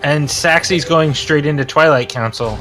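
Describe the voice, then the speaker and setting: A man co-casting a live strategy game tournament, excitable and quick to laugh. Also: fairly high pitch, faint music behind. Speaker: esports caster. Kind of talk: casual live game commentary.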